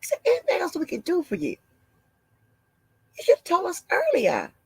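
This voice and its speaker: A woman doing a mocking impression of a shocked, over-concerned woman, gasping and breathy with drawn-out alarmed phrases. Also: very high-pitched, huge pitch swings, voice pushed up, heavily acted. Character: shocked, fretful high-voiced woman, overly concerned.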